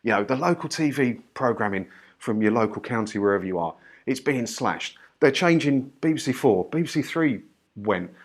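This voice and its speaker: A man's voice: medium pitch, animated, moderate pace. A man from the UK giving a persuasive rant to his viewers. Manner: ranting, persuasive. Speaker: YouTuber. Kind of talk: opinion rant to camera.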